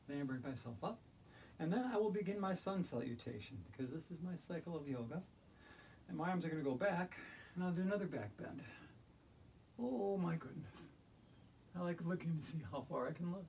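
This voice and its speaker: A man leading a yoga routine in a gentle, playful, chatty way. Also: a little high, vocal fry, a little hiss or hum. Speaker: yoga instructor. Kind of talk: guided yoga instruction.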